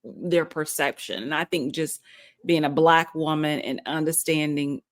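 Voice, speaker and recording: A woman's voice: sits low, fairly even intonation, measured pace. A woman hosting a casual conversation, a former middle school teacher speaking in an earnest, reflective way.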